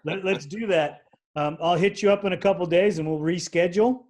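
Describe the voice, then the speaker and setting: A man's voice: high-pitched, fairly quick, darkish tone. A man hosting a podcast interview, easygoing, speaking with hesitant fillers. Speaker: podcast host. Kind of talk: interview host.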